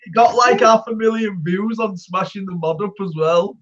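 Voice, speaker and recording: A man's voice: sits high, normal speed, a bit bright, muffled recording. A man co-hosting a casual banter podcast, talking in a laid-back, sweary way. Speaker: podcast co-host.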